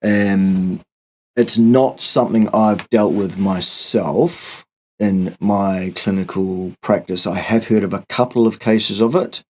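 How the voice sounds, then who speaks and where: Man, low voice, dry humour, measured explanations, live Q&A host. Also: darkish tone. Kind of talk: live Q&A chat.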